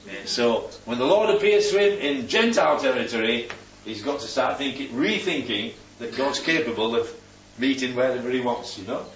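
A man's voice: medium pitch, expressive, normal speed, a bit bright, a little hiss or hum. A man leading a Bible study, teaching and quizzing the group with questions. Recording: roomy, distant, dull sound.

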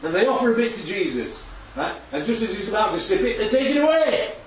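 Man, chatty preacher, lots of tag questions, fairly high voice, echoey distant sound. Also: very animated, fast. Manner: chatty, full of tag questions like yeah and right. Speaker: preacher teaching from slides. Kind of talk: informal Bible teaching talk. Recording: echoey room, distant dull mic, faint hum.

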